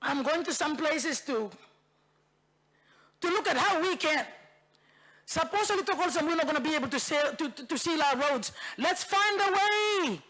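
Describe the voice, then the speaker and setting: Speaking in the parliament chamber, a woman MP from Bougainville, Papua New Guinea, gives an impassioned debate speech in a Bougainville accent. Her voice is high and fairly bright with lively intonation, a moderate pace and long pauses, and she repeats phrases for emphasis and slips into Tok Pisin.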